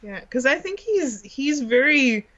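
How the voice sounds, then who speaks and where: A woman's voice: high voice, very animated, unhurried, a bit bright. Rambling woman, slightly muffled audio. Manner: rambling, many fillers and restarts, searches for words. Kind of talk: casual film discussion.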